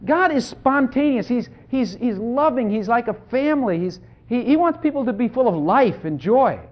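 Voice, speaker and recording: A lively preacher swings widely in pitch while talking to the congregation in an easy, conversational way. The sound is dull and lo-fi, like an old tape. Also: normal speed. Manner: animated, conversational, repeatedly asks "Hello?". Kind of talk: sermon. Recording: dull lo-fi recording.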